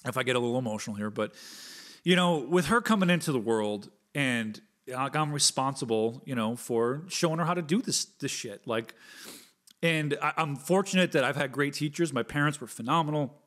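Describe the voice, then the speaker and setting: A man's voice: medium pitch, moderate pace, a bit bright. A man in his thirties hosting his own podcast, talking in an earnest, rambling way with lots of fillers and casual swearing. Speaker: podcast host and guitar teacher. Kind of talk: casual solo podcast monologue.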